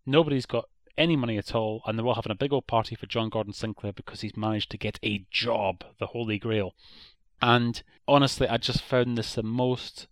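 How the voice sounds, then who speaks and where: A man's voice: mid-range voice, steady tone, brisk, no room sound. An Irish man co-hosting a podcast, giving a blunt, opinionated critique in a casual chat. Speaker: podcast co-host.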